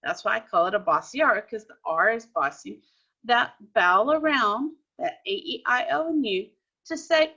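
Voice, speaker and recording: A woman's voice: a little high, animated, moderate pace, pushed and bright, slightly rough, dull audio. A woman teaching young children, explaining patiently step by step in a recorded lesson.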